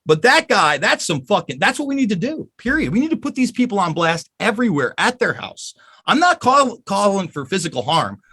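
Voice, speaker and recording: Casting: high, very animated male voice, furious and swearing, podcast guest rant. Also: a little fast, husky. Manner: angry, profane, emphatic.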